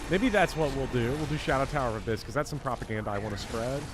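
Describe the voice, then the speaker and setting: Man, streamer type, casual think-aloud chatter, average pitch, noisy stream audio. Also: animated, fast. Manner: chatty, thinks aloud while playing, frequent ums. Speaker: streamer playing games for charity. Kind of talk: casual live-stream chat with co-hosts. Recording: gaming stream with noticeable background noise.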